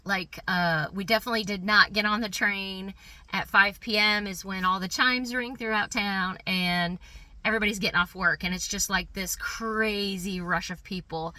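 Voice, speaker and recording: Middle-aged woman, bright tone; chatty storyteller, filler-heavy, giggly. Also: medium pitch, fairly even intonation, normal speed, dry recording. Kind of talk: personal anecdote.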